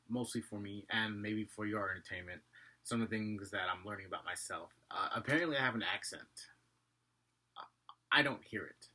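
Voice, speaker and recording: A man with a slight Asian accent talks straight to camera in a loose, rambling vlog monologue. He runs quickly through his thoughts and keeps stopping to correct himself. His voice is bright and a little husky, and his pitch sits on the low side. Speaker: vlogger.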